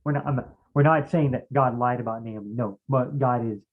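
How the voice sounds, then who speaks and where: A man leading a relaxed Bible study, talking at a middling pitch. He rambles and thinks aloud, pausing to search his memory. The sound is narrow and muffled, like a phone line. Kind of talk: casual Bible study talk.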